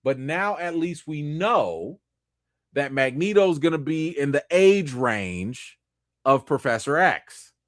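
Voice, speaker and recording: A man talks through the week's news on his livestream. His voice sits a little high and swings widely in pitch as he presses his points, and the sound is dry and close. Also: slow pace, dry recording. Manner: emphatic, animated, repeats points for effect. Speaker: livestream host. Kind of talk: casual commentary livestream.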